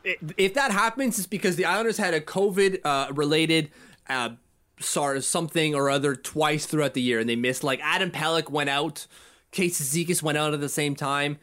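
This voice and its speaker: A man's voice: a little high, brisk. A man whose first language is French, co-hosting a casual podcast chat and acting out quoted voices. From French-speaking. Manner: animated, acts out quoted voices. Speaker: co-host.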